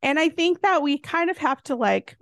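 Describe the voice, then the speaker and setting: A high-pitched woman co-hosts a podcast at a normal speed, chatting casually and telling animated stories packed with fillers. The recording is clean studio sound with no echo.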